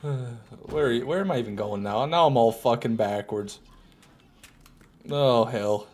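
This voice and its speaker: A man's voice: medium pitch, slow pace, a little mellow. A man streaming a game live, rambling and joking, answering chat questions and swearing now and then. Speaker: gaming streamer. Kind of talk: casual live gameplay commentary.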